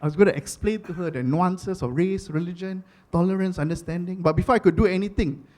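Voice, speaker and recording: A man's voice: high voice, quick pace, darkish tone. A man in his thirties with a Singaporean English accent, doing chatty stand-up comedy, with many fillers and repeated phrases. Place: comedy stage before a live audience.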